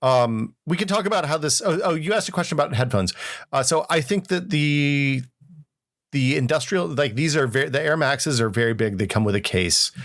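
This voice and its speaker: A man co-hosting a podcast explains his points with examples in casual chat, restarting often. His voice sits on the high side, animated and a bit bright, at a normal speed.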